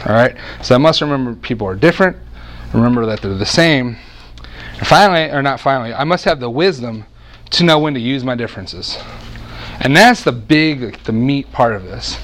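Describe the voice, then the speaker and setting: A man in his thirties preaching a sermon as a lively, joking storyteller who often restarts his sentences. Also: medium pitch.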